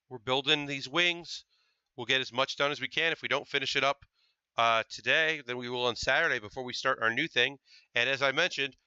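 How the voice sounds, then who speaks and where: A man's voice: medium pitch, bright, forceful tone, smooth, no room sound, lo-fi sound. A man chatting casually to his live-stream viewers while building a model kit, thinking aloud with fillers. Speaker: livestreamer building model kits.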